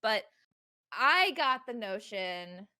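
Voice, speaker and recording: A young woman talks candidly on a casual podcast, her voice bright and forward. She speaks in a mid-range pitch and doesn't mince words. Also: sing-song, takes it slowly, clean tone. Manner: candid, frank, casual swearing. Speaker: podcast co-host. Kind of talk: casual chat.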